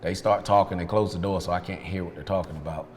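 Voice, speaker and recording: A man's voice: low-pitched, steady tone, fast talker, a little hiss or hum. A man in a sit-down interview, frankly recounting his past and retelling events with quoted dialogue. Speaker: interview guest, detailing business owner. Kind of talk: candid storytelling in a sit-down interview. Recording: long reverb with faint background ambience.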